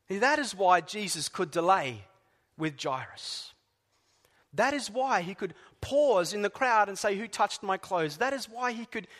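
A man preaching a sermon in a deliberate, emphatic way, dropping to soft, hushed words at times. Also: high voice, in a large hall. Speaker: pastor.

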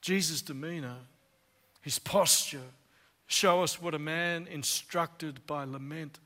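Bright-voiced preacher in reverberant hall. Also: male voice, on the high side. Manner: earnest, dramatic pauses with swings from loud to hushed. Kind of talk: sermon.

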